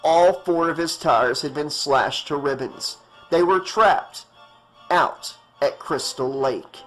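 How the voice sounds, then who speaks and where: A man's voice: mid-range voice, slow pace, a bit bright, faint music behind, rough recording. A man reading a horror novel aloud as an audiobook narrator, in a tense, dramatic way.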